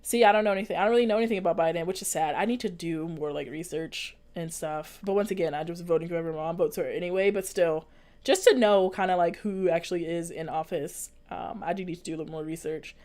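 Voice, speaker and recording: Her voice is lowish and darkish, her pace quick: a young woman from the United States casually and earnestly addressing her viewers, answering live comments and rambling with frequent fillers and restarts.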